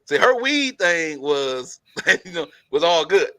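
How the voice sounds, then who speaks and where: Animated high-voiced man telling stories. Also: takes it slowly, no room sound. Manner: animated storytelling, laughs often, repeats himself. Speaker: podcast co-host. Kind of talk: casual chat.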